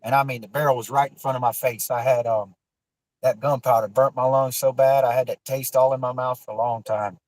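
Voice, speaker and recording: A man's voice: medium pitch, steady tone, brisk, a little mellow, no room sound, low-quality recording. Man, storytelling guest, loose and profane, lots of restarts, dry close sound. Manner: rambling, profane, many fillers and restarts. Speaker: guest telling a personal story. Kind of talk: casual storytelling on a livestream.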